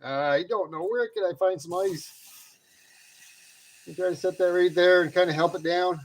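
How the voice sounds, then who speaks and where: A man chatting casually on a live stream about his metal casting, excitable, often whooping and laughing. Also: sits high, moderate pace.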